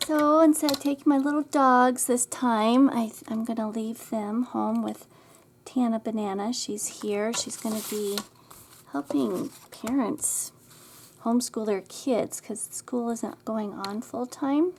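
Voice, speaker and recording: A woman's voice: fairly high pitch, fairly even intonation, a little slow, slight background noise. A middle-aged woman hosting a craft tutorial, chatting and rambling as she works and muttering to herself over her supplies.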